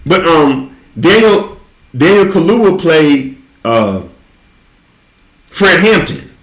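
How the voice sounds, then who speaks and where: A man's voice: a little high, sing-song, takes it slowly, a bit bright, roomy sound. A man hosting a casual chat, loose and profane, laughing often. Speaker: host.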